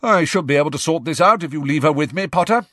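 A man doing a gruff brisk woman teacher. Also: a little high, expressive, a bit bright, dry recording, clean studio sound, pitched above the performer's own voice.

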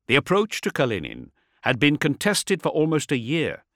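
A man reading a story aloud as scripted narration, with an expressive, dramatic delivery. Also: a little high, moderate pace, dry recording, studio quality. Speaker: audiobook narrator.

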